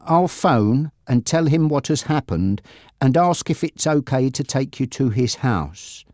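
A man voicing a male police officer delivering bad news quietly and hesitantly in a read-aloud story. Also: mid-range voice, lively intonation, unhurried, no echo, studio quality, lightly acted. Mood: gentle.

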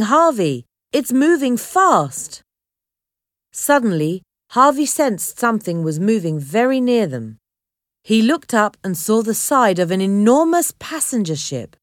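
Brief: woman narrator reading an adventure chapter, unhurried and expressive, dry close mic. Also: on the high side, no echo. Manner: clear, measured reading of a graded reader. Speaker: audiobook narrator. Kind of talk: scripted storybook narration.

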